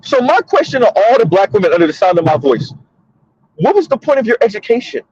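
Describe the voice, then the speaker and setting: A man's voice: high-pitched, sing-song, fast talker, darkish tone, slightly rough, no room sound, highs cut off. A man hosting a casual commentary monologue from his car, emphatic and repetitive, talking straight to listeners. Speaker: commentary host. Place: in a car on the road.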